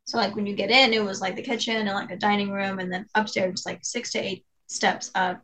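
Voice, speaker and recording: A woman's voice: medium pitch, little pitch movement, a little fast, a bit bright, rough recording. A woman co-hosting a podcast, beginning a story in chatty, casual talk. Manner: chatty, many "like" fillers. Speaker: podcast co-host.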